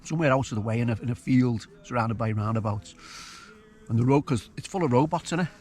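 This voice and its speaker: This solo camping vlog has the outdoor creator thinking aloud and chatting while cooking at his hilltop camp. He's a fast talker with a mid-range, slightly mellow voice, backed by soft music.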